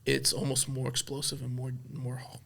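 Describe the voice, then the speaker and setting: Brief: man in his thirties, podcast guest, candid and heartfelt, gravelly bright voice. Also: medium pitch, completely flat delivery, normal speed. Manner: heartfelt, many fillers like "like" and "right". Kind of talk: candid conversational storytelling.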